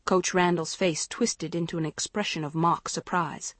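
A woman narrating a story in a measured, expressive reading. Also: lowish voice, dry recording. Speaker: audiobook narrator. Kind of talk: scripted narration.

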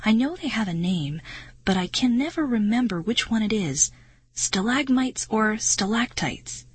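Woman narrating a creepy kids book, suspenseful, bit husky, dry close mic. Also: a little high, expressive, measured pace, dry recording. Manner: suspenseful, dramatic reading. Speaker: audiobook narrator. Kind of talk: expressive first-person story narration.

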